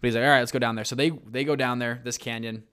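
A man telling a story in a casual interview, lively, with lots of fillers and restarts and acted-out quotes. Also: mid-range voice, quick pace, clean tone. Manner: animated, many fillers and restarts, acts out quotes. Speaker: guest recounting a search-and-rescue story.

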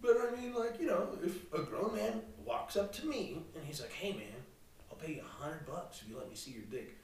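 A young man telling crude stories on a casual podcast, profane and brash, breaking into loud laughing bursts. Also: fairly high pitch, lively intonation, brisk, far from the mic, a little hiss or hum. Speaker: podcast co-host. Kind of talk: casual crude storytelling chat. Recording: echoey room, mic set back.

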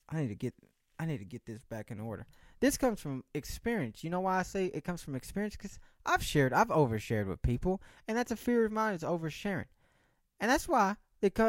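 A man's voice: fairly high pitch, dry recording, clean studio sound. A young man hosting a solo podcast, chatting in a rambling, jokey way with many restarts. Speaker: podcast host. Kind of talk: casual solo chat.

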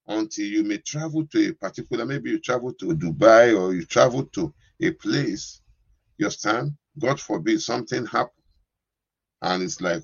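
A man's voice: on the low side, expressive, normal speed, breathy edge, no echo, muffled recording. A man preaching a sermon as pastor, giving commands to the congregation and breaking into speaking in tongues.

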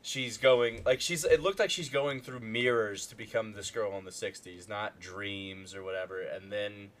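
A man's voice: lowish voice, fairly even intonation, moderate pace, a bit bright, a little hiss or hum. A young man chatting casually about a movie, rambling with lots of fillers and restarts.

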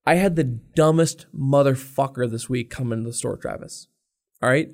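A man's voice: medium pitch, moderate pace, creaky, darkish tone. A young man co-hosting a podcast, telling a rant-filled story in casual chat, cursing and acting out customers. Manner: profane, exasperated storytelling, acts out customers. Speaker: podcast co-host.

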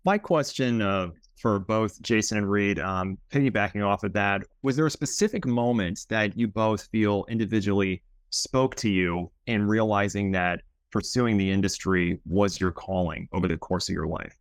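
A man hosting a podcast, asking earnest interview questions at a measured pace. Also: lowish voice, clear, resonant tone, dry recording, studio quality. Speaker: podcast host.

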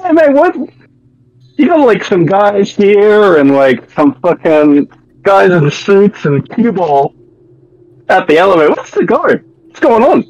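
A man, playing a tabletop game in character, halting and slangy. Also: high-pitched, very animated, darkish tone, no room sound, lo-fi sound. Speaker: player. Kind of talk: tabletop role-play in character.

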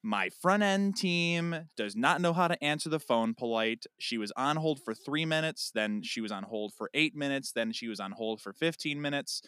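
A man co-hosting a casual chat podcast, telling an animated story and acting out a phone call. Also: mid-range voice, normal speed, few pauses, clean tone, no room sound, clean studio sound. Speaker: podcast co-host.

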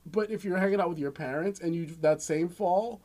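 Male podcast talker, slightly high-pitched, lively, acts out little scenes. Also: fairly quick. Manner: animated storytelling with acted-out quotes, frequent swearing. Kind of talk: casual podcast chat.

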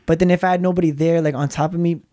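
A man's voice: a little high, fairly even intonation, rapid-fire, mellow. A man in casual faith talk, rambling and repeating words as he tells stories.

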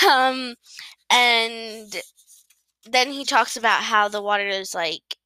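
A woman hosting a podcast, recapping a novel in a casual, rambling way. She is giggly, self-deprecating and quick to apologize. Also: fairly high pitch, pushed and bright, clean tone, dry recording.

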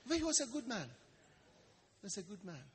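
A man preaching a sermon in a lively, storytelling way, acting out quotes and jokes. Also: high-pitched, brisk. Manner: animated, storytelling with acted quotes and stammering imitations. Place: church service hall. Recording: long reverb of a large hall.

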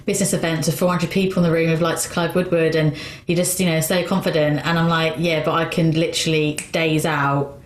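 A woman's voice: deep voice, level tone, a little fast, roomy sound. A woman hosting an interview, chatty and self-deprecating, laughing often as she shares her own experience. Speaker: podcast host and comedian. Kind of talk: conversational interview.

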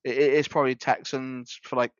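A man's voice: medium pitch, flat delivery, brisk, dry recording. A man co-hosting a podcast in casual chat, rambling with many fillers and restarts. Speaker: podcast co-host. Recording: dull, slightly lo-fi dry sound.

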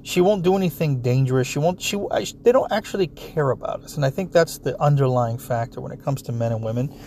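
A solo commentator launches into an animated, expletive-heavy rant, bluntly addressing his listeners face to face. The man's voice is mid-range and his pace quick, over a faint hiss or hum.

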